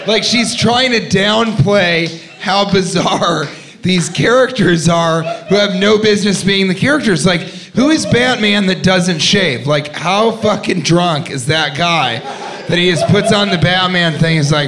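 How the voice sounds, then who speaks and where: A man hosts a comedy podcast on a club stage, riffing loudly through crude jokes and his own laughter. His voice sits a touch high for a man. A live audience laughs clearly behind him. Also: measured pace. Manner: loud, laughing, profane riffing. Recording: live club recording with crowd noise.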